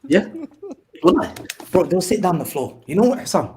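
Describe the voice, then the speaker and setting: A man's voice: high voice, sing-song, brisk, crowd noise. A man on a football panel, mocking his rivals with repetitive taunts in heated banter.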